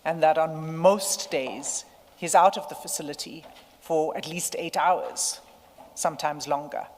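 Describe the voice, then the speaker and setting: A woman, legal counsel making formal submissions at a hearing, citing page and paragraph numbers in a measured way. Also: low voice. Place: large hearing room. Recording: echoey hearing room with faint hum.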